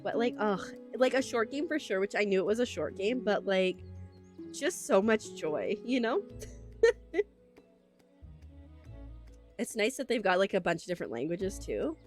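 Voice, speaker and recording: A woman's voice: mid-range voice, sing-song, measured pace, pauses often, faint music behind. A young woman streaming a game, chatting casually to viewers in a gushing, emotional way with lots of fillers, close on a desk microphone. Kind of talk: casual livestream chat while playing.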